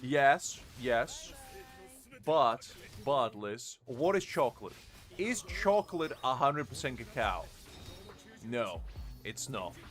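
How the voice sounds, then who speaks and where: A man's voice: mid-range voice, sing-song, slow pace, fairly bright tone, faint music behind. A man streaming a game, teasing and arguing with chat in playful mock outrage. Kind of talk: casual live-stream banter.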